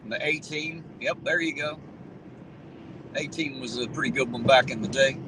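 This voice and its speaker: A man's voice: mid-range voice, normal speed, background noise. Folksy middle-aged man. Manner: folksy, rambling, reminiscing. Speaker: livestream host reading chat. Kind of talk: casual chat.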